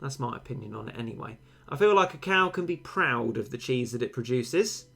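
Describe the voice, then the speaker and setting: A man's voice: medium pitch, lively intonation, a little fast, creaky, few pauses, sharp tone, faint music behind. A young man, a game streamer, chatting casually and rambling, answering viewer comments with mock-dramatic overstatement.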